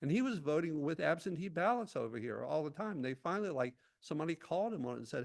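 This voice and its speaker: A man's voice: on the high side, big pitch swings, quick pace, vocal fry, few pauses. A man giving an intense, prepared public comment at a town hall meeting, reading his remarks with occasional asides.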